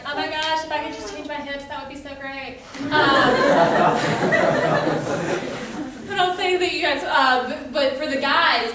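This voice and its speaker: A young woman giving a casual devotional talk to a youth group, chatty, with lots of fillers as she tells stories. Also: on the high side. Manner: chatty, filler-heavy storytelling. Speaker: youth speaker. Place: room with a youth audience. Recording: very echoey room from far off.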